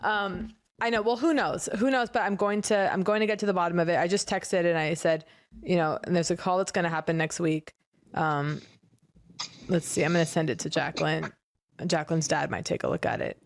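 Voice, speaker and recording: A woman co-hosting a podcast in casual chat, telling stories with animated energy and acting out what other people said. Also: on the low side, a little fast. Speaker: podcast co-host.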